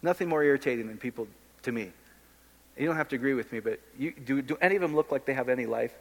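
A man with a mid-range voice preaches an informal sermon fast, in a blunt, impassioned, conversational way, often speaking straight to his listeners. The recording has a long hall reverb.

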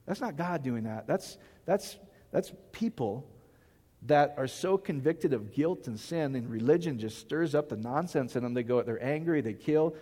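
A man's voice: mid-range voice, expressive, normal speed, mellow, long reverb tail. A man preaching a loose, conversational sermon, joking and quizzing the congregation as he goes. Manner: folksy, joking, asks the congregation questions. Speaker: pastor.

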